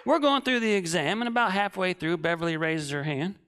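A man in his late thirties preaching, telling a comic story that swings from shouting to hushed. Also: high voice, a little fast, clear, resonant tone. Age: 30s.

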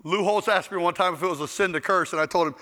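A male preacher tells stories through a sermon in an animated, joking manner, acting out the people in them. His voice sits high and bright. The recording carries a long, echoing hall reverb. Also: quick pace. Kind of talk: storytelling sermon.

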